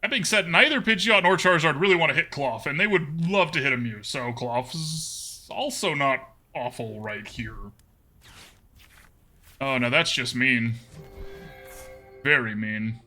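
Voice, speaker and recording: A man's voice: mid-range voice, unhurried, bright, forceful tone. A man streaming a card game live, chatting casually with his viewers and laughing often. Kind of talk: live gameplay commentary.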